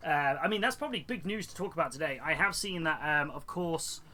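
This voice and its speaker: Man, hobby streamer: bright, slightly high voice, loose rambling chat. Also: expressive, quick pace. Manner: rambling and chatty, with many fillers and restarts. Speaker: hobby streamer and model kit seller. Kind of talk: casual live-stream chat while building models.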